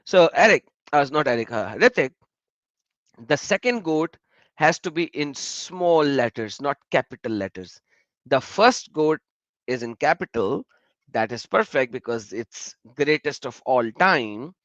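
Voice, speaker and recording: Lively male stream host, dull dry sound. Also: on the high side, a little slow, no room sound. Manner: animated, laughing storyteller who addresses chat viewers. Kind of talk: casual live stream chat.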